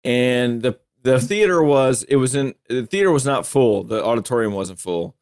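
A man casually telling a funny personal story in a lively way, laughing often and acting out what people said. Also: medium pitch, normal speed. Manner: lively, laughs a lot, acts out quotes.

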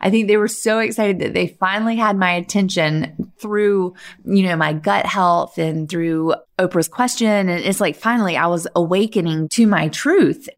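A middle-aged woman, a podcast host, telling a personal story in an earnest, animated way, full of "like" fillers. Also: on the low side, normal speed.

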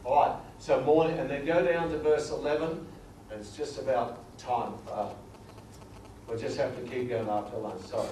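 A man's voice: mid-range voice, steady tone, a little hiss or hum. Man preaching in an echoey hall. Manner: numbered points, reads verses slowly and emphatically; grows quiet and emotional at times. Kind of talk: sermon teaching from scripture. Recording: echoey hall recording from far off.

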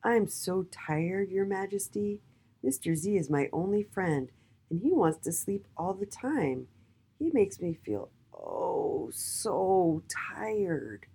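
A woman's voice: lowish voice, animated, takes it slowly, warm tone, breathy edge, pitched above the performer's own voice, heavily acted. A woman doing drowsy, shy Mister Y. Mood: sleepy. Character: sleepy shy letter Mister Y.

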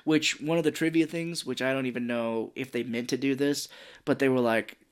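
This man co-hosts a podcast and recaps a film in loose, casual talk. He bounces through scenes and drops into quick quoted lines from the characters, swearing as he goes. His voice sits at an ordinary middle pitch. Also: fairly even intonation, clean tone. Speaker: podcast co-host. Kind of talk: casual movie recap chat.

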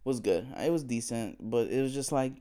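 Man telling a story, profane and animated. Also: medium pitch, fairly quick, over a noisy crowd. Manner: profane, animated retelling with quoted dialogue. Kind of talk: casual storytelling chat.

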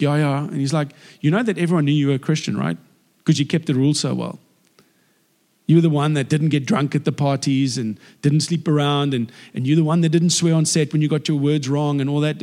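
A man in his forties from South Africa, preaching by telling stories and acting out the voices of people in them. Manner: animated, acts out quoted voices with big pitch jumps. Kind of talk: sermon storytelling. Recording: long reverb of a large hall.

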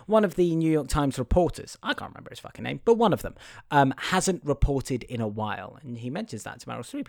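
Wry playful guy on a podcast, mid pitch, super dry close mic. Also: lively intonation, brisk, gravelly, darkish tone, dry recording. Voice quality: playful, wry, steering the talk. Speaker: podcast co-host. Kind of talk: casual chat reviewing a film.

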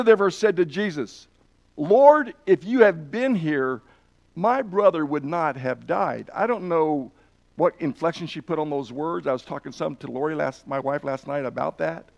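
A man preaching a sermon, earnestly retelling and reading scripture passages aloud with emphasis. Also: on the high side. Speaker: pastor.

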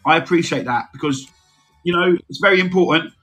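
A man's voice: fairly high pitch, fairly quick, sharp tone, soft background music, poor audio. A man co-hosting a casual chat show, trading dry, argumentative banter. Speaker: co-host.

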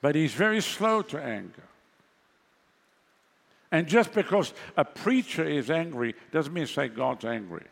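Gravelly preacher man in a reverberant hall. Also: a little high, lively intonation, a little slow, long pauses. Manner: conversational preaching with sarcastic asides. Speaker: pastor. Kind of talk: sermon.

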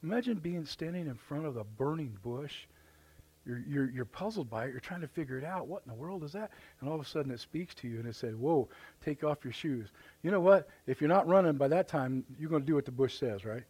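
A man's voice: on the high side, expressive, fast, darkish tone, breathy edge. A man with a Midwestern American accent, preaching a live sermon as pastor in folksy storytelling, acting out voices and exclamations. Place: church sanctuary, live service.

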